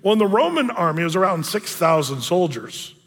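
Male pastor, high voice, casual storytelling sermon full of filler words, long church reverb. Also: very animated, fairly quick, a bit bright, breathy edge. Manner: chatty, storytelling, many fillers. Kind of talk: conversational sermon. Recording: long reverb of a large hall.

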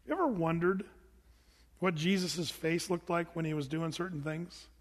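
High-voiced man preaching in an echoing hall. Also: steady tone, normal speed. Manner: informal, joking asides, acts out the people in the stories. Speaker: pastor. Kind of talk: conversational sermon.

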